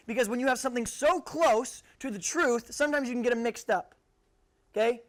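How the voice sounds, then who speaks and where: A young man preaching to high school students in a casual, joking way, reading scripture and acting out the people in it. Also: fairly quick. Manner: jokey, conversational, acts out quotes. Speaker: youth pastor. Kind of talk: casual youth sermon.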